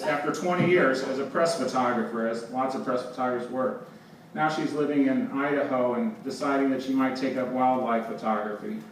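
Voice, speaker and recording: A man giving a stage talk, telling wry anecdotes with frequent laughs. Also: mid-range voice. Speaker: presenter. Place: live event hall with audience. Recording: roomy, distant, with background noise.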